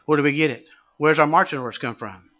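A man's voice: on the high side, quick pace, lo-fi sound. A middle-aged male pastor preaching a sermon, telling a funny personal story and rising to fervent exhortation. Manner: animated, humorous storytelling that builds to shouted exhortation.

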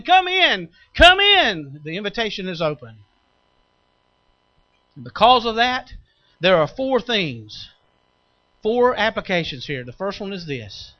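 A man preaching a sermon, swinging from booming calls to quiet, intimate asides. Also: lo-fi sound. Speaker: pastor.

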